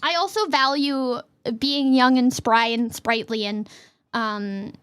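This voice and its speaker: A young adult woman streaming as a VTuber, chatting casually and playfully with her chat in quick jokey asides. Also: high-pitched, fairly even intonation, a bit bright, clean tone.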